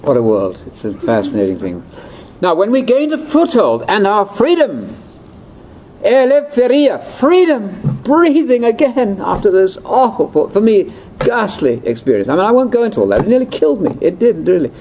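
A man's voice: sits high, wildly swooping pitch, a little fast, a little mellow, slight background noise, poor audio. An older man giving a chatty, wry, ad-libbed lecture to a conference audience. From Britain. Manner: chatty, wry, with asides and laughs. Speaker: speaker at a religious conference.

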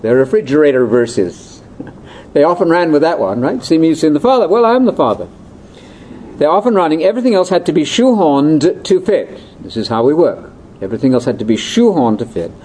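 Older man lecturing, lively and mellow. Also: mid-range voice, slight background noise, poor audio. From Britain. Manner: chatty, wry, with asides and laughs. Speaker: speaker at a religious conference. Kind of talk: ad-libbed lecture to a live audience.

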